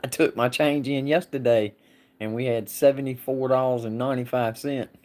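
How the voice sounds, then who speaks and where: A man's voice: medium pitch, fairly even intonation, normal speed, a little mellow. A man talks in a casual livestream chat. He rambles in a folksy way, answering viewers and laughing often. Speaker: livestream host.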